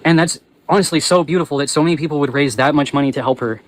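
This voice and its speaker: A man hosting his channel, ranting angrily with heavy swearing and breaking into yells, talking to viewers as he walks. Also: fairly high pitch, very fast, a little hiss or hum, rough recording. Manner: angry, profane, yelling at times; talks while walking. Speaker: channel host. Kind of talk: ranting livestream monologue.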